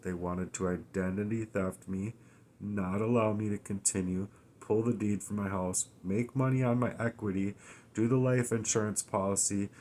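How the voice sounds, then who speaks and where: A weary, distressed man talking through his troubles in a raw, halting personal monologue, often restarting and swearing. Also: fairly low pitch, a little mellow, a little hiss or hum. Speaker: vlogger.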